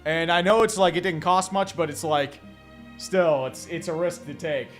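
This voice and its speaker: A man's voice: on the high side, steady tone, moderate pace, faint music behind. A man streaming casual football chat, rambling with melodramatic fan despair. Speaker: sports streamer.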